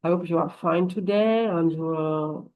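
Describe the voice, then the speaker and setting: A woman's voice: fairly low pitch, moderate pace, narrow, tinny audio. A French woman with a French accent presenting her translation company at an online conference, hesitating often with many fillers and restarts. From France. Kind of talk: live online conference talk. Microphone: computer microphone.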